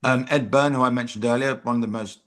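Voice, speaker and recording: A man's voice: medium pitch, steady tone, fast talker, fairly bright tone. A British man, a comedian guest, chatting casually and telling self-deprecating stories with plenty of ums. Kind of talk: casual chat.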